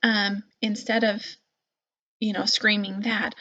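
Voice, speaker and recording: A woman teacher explaining parenting advice in casual talk, with many fillers and animated example phrases. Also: medium pitch, moderate pace, dry recording, lo-fi sound.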